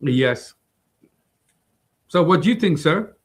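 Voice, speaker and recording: A man's voice: fairly high pitch, lively intonation, slow pace. A male co-host of a faith talk show who laughs often and teases playfully in casual chat.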